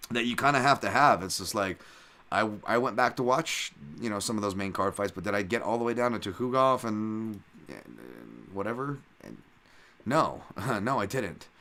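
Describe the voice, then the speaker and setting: A man's voice: on the low side, pushed and bright. A man hosting a solo podcast, rambling in casual chat with lots of fillers and restarts and swearing freely. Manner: rambling, loose talk full of "like" and restarts. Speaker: podcast host and fight analyst.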